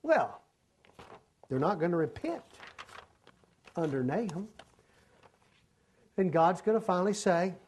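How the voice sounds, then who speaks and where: Slow, emphatic preacher. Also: male voice, sits high, animated, darkish tone, husky. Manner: emphatic, repeats lines for effect. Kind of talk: sermon.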